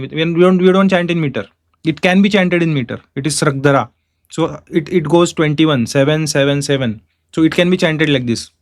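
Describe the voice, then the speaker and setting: A man teaching a class, explaining step by step and chanting verses slowly in meter. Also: fairly high pitch, no echo, studio quality. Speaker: Sanskrit teacher. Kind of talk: online class lecture.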